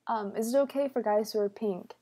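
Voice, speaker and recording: Brisk and a little high, with a dark, husky tone, a young livestream host fields questions casually. She jokes around playfully and drops into whispers for asides.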